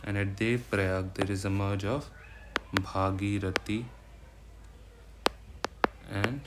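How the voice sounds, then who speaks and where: A man's voice: on the low side, steady tone, slow pace. A man with an Indian English accent giving an exam-prep geography lecture, switching between English and Hindi and checking in with a frequent "right?". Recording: loud background noise with clicks.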